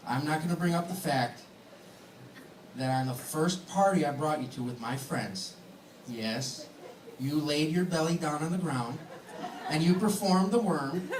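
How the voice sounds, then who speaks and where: Groom joking through a wedding toast. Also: male voice, on the high side, distant mic. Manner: joking, teasing, with laughs. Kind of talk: wedding speech. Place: large banquet hall. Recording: echoey hall, mic heard from afar, background noise.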